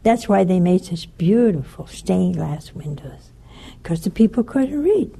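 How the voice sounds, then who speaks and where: An older woman preaches and tells stories in a lively way, acting out the people she talks about. Her voice is gravelly and husky, with a dark, mellow tone. She speaks as a religious speaker addressing listeners. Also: on the low side, a little slow. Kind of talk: sermon-style storytelling talk.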